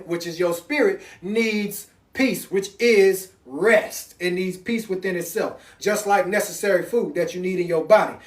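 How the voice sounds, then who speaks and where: Male preacher, casual sermon delivery, reads then explains in everyday talk, recorded off-mic in a roomy space. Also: high voice. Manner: reads passages aloud, then explains them in plain talk; loose, conversational, with sudden emphatic rises. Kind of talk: informal sermon. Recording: roomy, distant sound.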